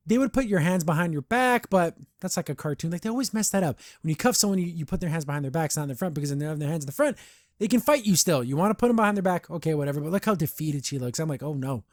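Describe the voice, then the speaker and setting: Excitable man reviewing a cartoon. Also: sits high, dry recording, clean studio sound. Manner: animated, excitable, many restarts. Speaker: podcast host. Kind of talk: casual episode review chat.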